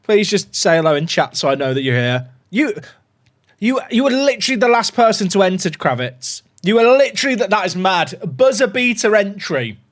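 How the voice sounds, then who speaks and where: A man chatting casually on a gaming livestream, excitable and rambling. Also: high-pitched, moderate pace.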